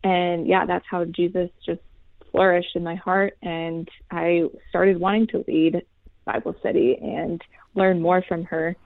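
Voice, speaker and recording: A woman's voice: on the low side, little pitch movement, creaky, no room sound. Earnest young woman on a tinny line. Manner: soft, earnest, many pauses and fillers. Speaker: guest, former college volleyball player. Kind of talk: heartfelt faith testimony in an interview.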